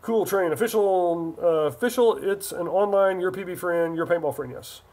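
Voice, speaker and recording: A man's voice: high-pitched, moderate pace, a little mellow. A man from Northern California hosting a casual livestream, rambling and reading viewer chat aloud as he answers. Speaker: livestream host.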